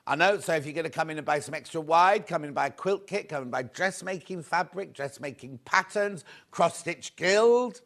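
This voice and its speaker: A man's voice: on the high side, normal speed, few pauses, fairly bright tone. A man presenting a live shopping show, upbeat and chatty, greeting viewers by name as he sells fabric.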